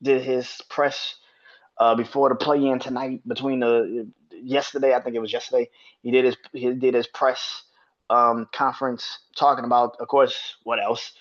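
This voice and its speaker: A man's voice: medium pitch, flat delivery, normal speed, highs cut off. A man hosting a sports podcast, ranting in a profane, heated way and repeating himself when worked up. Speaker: podcast host. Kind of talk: casual sports rant.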